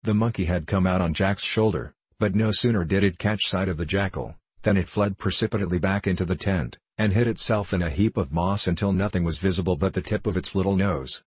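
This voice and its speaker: A man reading an adventure novel aloud as first-person audiobook narration, in a measured storytelling manner. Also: deep voice, breathy edge, no room sound.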